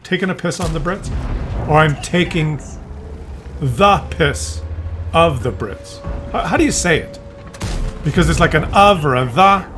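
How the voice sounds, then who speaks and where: A man's voice: a little high, animated, measured pace, pauses often, a bit bright, faint music behind. A man giving casual gameplay commentary, rambling and joking as he drifts off topic. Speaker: gaming commentator.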